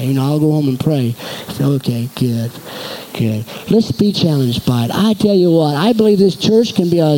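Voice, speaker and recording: A man preaching a sermon as pastor to his congregation, animated and exhorting, in a church. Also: a little high, a little hiss or hum, low-quality recording.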